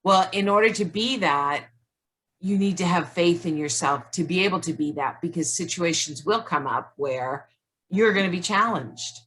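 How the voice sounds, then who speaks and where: Low-voiced reflective woman on a video call. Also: moderate pace, fairly bright tone. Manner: reflective, says "like" often. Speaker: co-host. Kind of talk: casual conversation on self-help.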